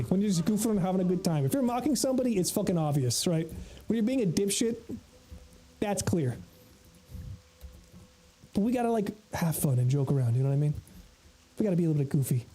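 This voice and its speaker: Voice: mid-range voice, mellow, low-quality recording. A game streamer chatting casually with viewers while playing, rambling, laughing often and swearing freely. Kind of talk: casual livestream chatter reading chat while gaming.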